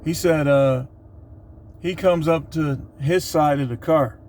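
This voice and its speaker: Animated middle-aged male storyteller. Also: a little high, takes it slowly, a little hiss or hum. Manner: animated, laughs while telling. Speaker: vlogger. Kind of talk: casual storytelling monologue.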